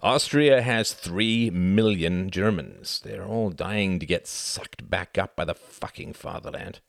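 A man voicing a contemptuous British official who shouts and curses, in an audiobook reading. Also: low-pitched, gravelly, no room sound, clean studio sound, full character voice. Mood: grim. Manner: shouting, cursing, drawn-out.

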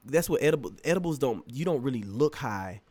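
A man's voice: mid-range voice, brisk, noisy background. A man co-hosting a podcast, telling a long funny story in casual chat, laughing often and acting out what people said. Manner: animated storyteller, laughs often, acts out quotes. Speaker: podcast co-host.

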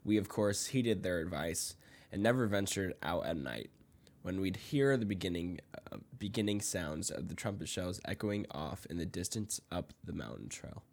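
A man's voice: low voice, animated, normal speed, creaky, a little mellow. A young man co-hosting a podcast, reading a spooky story from his notes, stumbling over names and laughing along with his co-host. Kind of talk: reading a ghost story aloud, casual chat.

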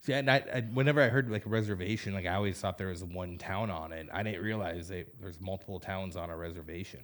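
Low voiced dude chatting, laid back, lots of likes. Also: male voice, fast talker, fairly bright tone. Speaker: podcast co-host. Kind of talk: casual chat.

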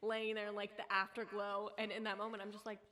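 A young adult woman talking candidly as a podcast guest, self-mocking and quick to laugh. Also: mid-range voice, monotone, sharp tone. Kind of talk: casual podcast chat.

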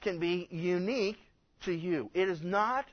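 A male pastor preaching a sermon, animated and acting out the voices he quotes. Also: high voice, measured pace. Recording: dull lo-fi recording.

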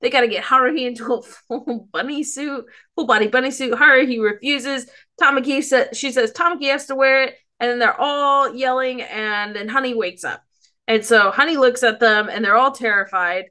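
Bright, slightly high woman recapping an episode casually, giggly and rambling. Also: moderate pace. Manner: rambling, giggly, loses her place. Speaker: podcast co-host.

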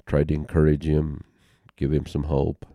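An older man telling a personal story as an interview guest, halting and heartfelt, with pauses and restarts. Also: rumbling low, monotone, warm tone, no room sound, studio quality.

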